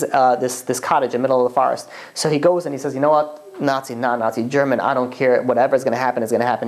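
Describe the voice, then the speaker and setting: A woman telling a long story in a religious talk, halting often, restarting sentences, and filling gaps with "you know". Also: very deep voice, a little mellow. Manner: uses Yiddish-flavored religious slang.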